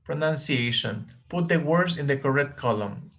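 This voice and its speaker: A man's voice: medium pitch, lively intonation, normal speed, a bit bright. A man teaching an online English class, patiently repeating words for his students.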